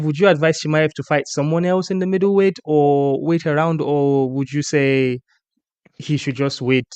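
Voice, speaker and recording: A man hosting a casual sports chat, animated and rambling, often restarting his sentences. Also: mid-range voice, smooth, no room sound, highs cut off. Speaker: podcast host.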